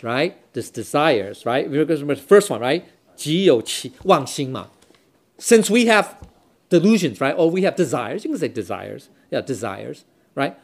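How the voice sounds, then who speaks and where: A man teaching a Dao scripture lesson in a loose, repetitive way, constantly checking in with his class and mixing in Chinese readings. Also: fairly high pitch. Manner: repeats himself, checks in with "okay? right?"; switches between English and Chinese readings.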